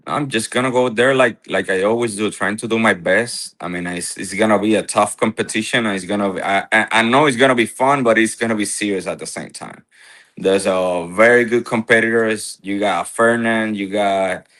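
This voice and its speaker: A man appears as a guest in a casual interview, playful and sure of himself, often laughing. His voice sits on the low side but sounds bright and forceful. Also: normal speed. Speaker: competitor guest.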